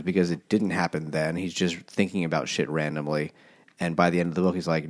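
A man's voice: low voice, fast talker. A man co-hosting a casual book podcast, recapping the plot in a laid-back way, full of fillers. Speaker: podcast co-host.

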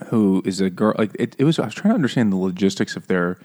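A man's voice: deep voice, animated, fast, darkish tone. A man in a casual book chat, irreverent and laughing, with crude jokes.

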